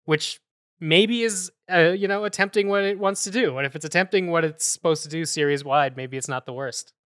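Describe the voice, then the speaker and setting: A man co-hosting a podcast in easy, casual chat, laughing often and thinking aloud with fillers. His voice sits slightly high and sounds smooth and resonant, recorded close and dry. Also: brisk, fairly bright tone, dry recording. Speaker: podcast co-host.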